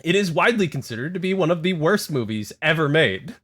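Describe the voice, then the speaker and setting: Excitable guy streaming, pitched a touch high, rambling to chat over quiet music. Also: brisk. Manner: rambling and excitable, heavy on "like" and "dude"; talks to chat, reads text aloud. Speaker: livestreamer. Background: faint music.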